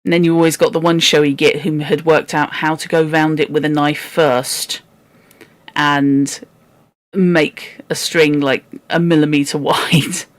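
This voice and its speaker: A woman's voice: deep voice, level tone, measured pace, no echo. Chatty woman reading aloud. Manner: chatty, self-deprecating. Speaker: book club reader and host. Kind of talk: casual read-aloud with chat.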